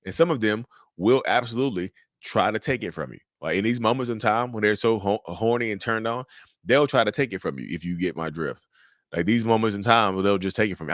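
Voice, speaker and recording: A man giving casual, animated commentary to his viewers, repeating his points and calling them y'all. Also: fairly low pitch, dry recording, clean studio sound. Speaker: mental health commentator.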